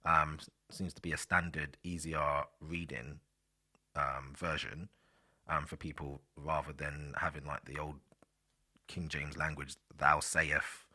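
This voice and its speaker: A man's voice: very deep voice, flat delivery, a little slow, sharp tone. A man hosting a solo podcast, chatting casually and rambling with fillers, speaking directly to his listeners. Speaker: podcast host.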